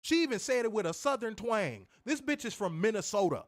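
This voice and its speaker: Fairly quick and very animated, this wrestling show co-host's high-sitting voice carries a heated, profane rant on the stream, every point pressed home angrily and emphatically.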